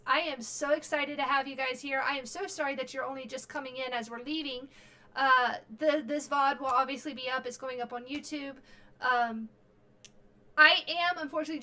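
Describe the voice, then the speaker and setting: A woman's voice: sits high, pushed and bright. A very tired woman streamer wrapping up her stream in casual chat, rambling with lots of fillers and restarts.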